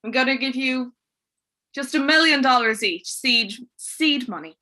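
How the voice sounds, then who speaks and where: A woman's voice: sits high, expressive, a little slow, sharp tone, full character voice. A woman voicing a wealthy, bossy mother pig who speaks with haughty command.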